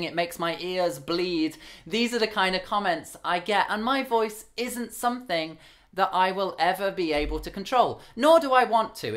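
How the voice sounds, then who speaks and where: A young man talks candidly to camera, his higher-pitched voice carrying a light camp rasp. He speaks earnestly, holding his voice a bit lower than his relaxed register. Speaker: vlogger. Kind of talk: talking to camera.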